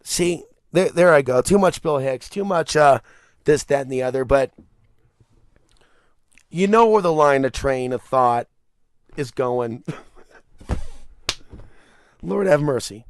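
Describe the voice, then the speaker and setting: A man's voice: medium pitch, slow, pauses often, no echo, studio quality. Man ranting on his podcast. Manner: rambling, animated, swears and laughs. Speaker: podcast host. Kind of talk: casual monologue rant.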